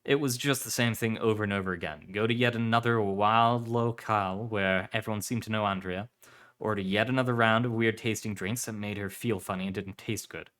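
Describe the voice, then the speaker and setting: A man reads a story aloud on a live stream, keeping a steady narrating pace. His voice sits on the low side, and he corrects small slips as he goes. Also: brisk.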